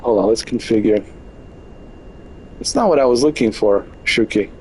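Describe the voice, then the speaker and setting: A man's voice: lowish voice, normal speed, darkish tone, a little hiss or hum, poor audio. A man giving casual, joking live commentary on a flight game from his bedroom, full of exaggerated mock complaints. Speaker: game streamer. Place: bedroom at home.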